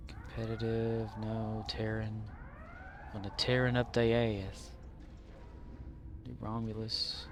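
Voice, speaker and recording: A man's voice: fairly low pitch, completely flat delivery, slow pace, pauses often, noisy background. A man streaming a game live, rambling and joking as he plays and mutters to himself. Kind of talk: casual live-stream commentary.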